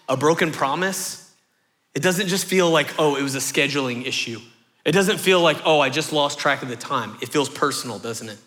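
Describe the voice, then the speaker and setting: A man in his thirties preaching a sermon, telling a story in lively fashion and repeating phrases for rhythm. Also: sits high. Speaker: pastor.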